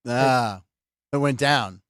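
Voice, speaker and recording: A man's voice: mid-range voice, slow, fairly bright tone, clear, resonant tone, no room sound. A middle-aged man hosting a sports podcast in a studio, joking loosely and laughing often in casual chat. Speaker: podcast host.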